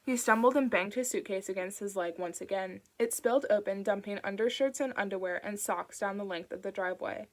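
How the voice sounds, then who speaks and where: Woman narrator, steady audiobook reading, even delivery. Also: mid-range voice, brisk, hardly any pauses. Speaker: audiobook reader.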